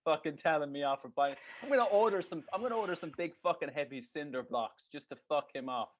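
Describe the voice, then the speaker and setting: A man's voice: on the high side, animated, quick pace, slight background noise. A man co-hosting a casual podcast chat, telling stories in a ranting, sweary way and laughing at himself. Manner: ranting, sweary, laughing at his own story. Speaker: podcast co-host. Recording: dull lo-fi podcast audio.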